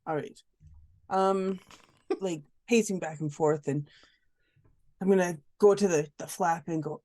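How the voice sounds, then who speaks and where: A woman's voice: fairly low pitch, measured pace, pauses often, warm tone, no echo. A young woman playing a character in a tabletop game, speaking hesitantly with many restarts. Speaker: player. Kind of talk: tabletop role-play.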